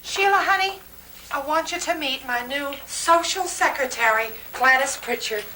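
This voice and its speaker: In a radio-style comedy drama, a woman voices a brassy, social-climbing West Texas mother in middle age who gushes and calls everyone honey. Her high, bright voice is pushed, at a moderate pace. The mic is distant in a roomy space, with faint noise.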